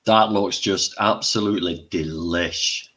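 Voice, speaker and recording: A man's voice: deep voice, measured pace, a bit bright. An older man hosting a casual livestream, chatty and exclaiming, eating while he talks. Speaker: livestream host.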